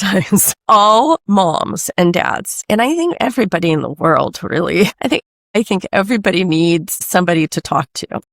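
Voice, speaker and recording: A woman in her forties from Brazil, telling her story in a casual interview in an animated way, with many restarts and acted-out quotes. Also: sits low, no echo, studio quality. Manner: animated, restarts often, acts out quoted voices. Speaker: guest, medical sales rep and mother.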